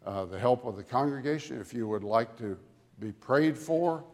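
A man preaching a sermon to a congregation with dramatic emphasis, building to loud peaks on key words. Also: medium pitch, expressive. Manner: dramatic, slow emphatic delivery with swelling loudness. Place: church sanctuary. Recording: long hall reverb from a church. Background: congregation audience.

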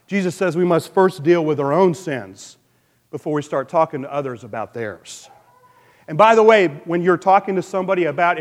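Animated man preaching in an echoing hall. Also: high voice. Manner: animated, playful asides with sound effects. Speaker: pastor. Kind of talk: sermon.

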